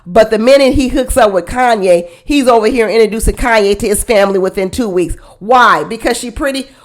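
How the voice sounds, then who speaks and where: A woman giving casual, blunt commentary on a reality show, with sassy, animated delivery and frequent laughing asides. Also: on the high side, a little fast. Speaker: reality TV reaction host.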